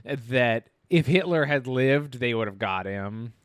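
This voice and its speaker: A man's voice: medium pitch, lively intonation, smooth, no room sound, studio quality. A man co-hosting a casual podcast, bantering and laughing. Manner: quick banter, laughs often. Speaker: podcast co-host. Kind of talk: casual chat.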